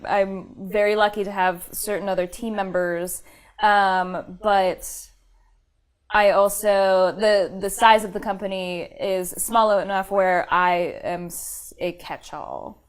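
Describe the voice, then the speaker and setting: A woman's voice: mid-range voice, steady tone, slow. A woman who founded and runs a theater company, answering interview questions thoughtfully, with fillers and easy laughs.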